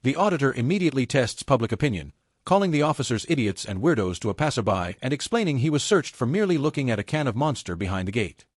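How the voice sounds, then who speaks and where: A man's voice: mid-range voice, sing-song, quick pace, dry recording, clean studio sound. A man narrating a scripted recap of a street police encounter in a dramatic summary tone. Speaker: video narrator.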